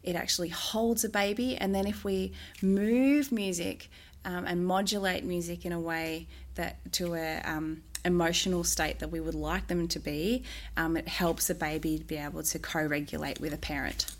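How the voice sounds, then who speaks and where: A woman, a music therapist, explaining in an interview with a gentle manner and bursts of sing-song baby talk. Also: fairly low pitch, fairly even intonation, normal speed. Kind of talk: interview answers.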